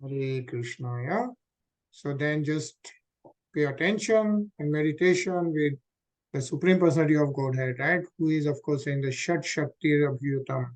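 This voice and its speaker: A man's voice: fairly high pitch, normal speed. Man explaining scripture with questions to the group. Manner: explanatory, asks the group questions, many fillers. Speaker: study group leader.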